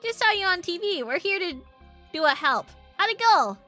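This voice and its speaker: A woman voicing a rowdy young punk gang member in a loud, eager, brash way. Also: very high-pitched, very animated, normal speed, soft background music, pitched above the performer's own voice, full character voice.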